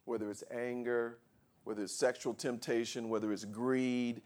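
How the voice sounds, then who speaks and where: A man preaching a sermon to a congregation, leading call and response and building from quiet talk to shouted scripture. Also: mid-range voice, little pitch movement, moderate pace. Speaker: pastor. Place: church before a congregation.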